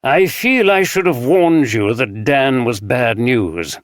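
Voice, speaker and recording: A man's voice: medium pitch, expressive, takes it slowly, no echo, clean studio sound. A man playing an earnest, supportive actor. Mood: apologetic. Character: kindly older actor, apologetic and supportive.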